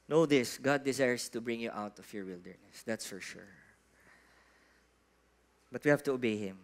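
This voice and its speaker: A man with a Filipino accent, preaching a sermon in church, animated and asking the congregation questions, moving between soft and loud. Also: mid-range voice, normal speed, long pauses. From Philippines. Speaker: pastor.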